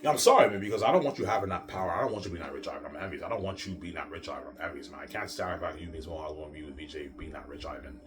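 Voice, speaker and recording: A man's voice: low voice, very fast, hardly any pauses, recorded from a distance, noisy background, close to an everyday voice. A man voicing a greedy, envious male gatekeeper in a whiny, mocking confession, recorded away from the mic with music behind.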